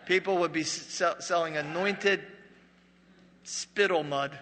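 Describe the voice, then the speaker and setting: A man preaching a sermon with a slightly high, sharp and forceful voice. He tells the story like a joking, conversational storyteller and sinks to a hush at dramatic moments. The long reverb of a big hall trails after his words. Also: steady tone, unhurried, slight background noise. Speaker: pastor.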